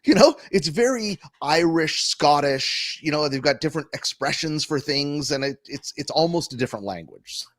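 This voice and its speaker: A man's voice: on the high side, animated, normal speed, hardly any pauses, dry recording, studio quality. A man giving friendly, plain-spoken test-prep advice as a guest in a webinar Q&A. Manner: encouraging, chatty, plain-spoken.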